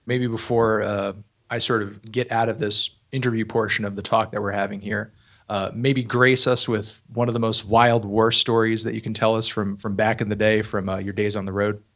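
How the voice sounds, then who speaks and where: A man's voice: fairly low pitch, flat delivery, moderate pace, fairly bright tone. A man hosting an interview over a video call, asking questions casually with some hesitation. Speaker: host.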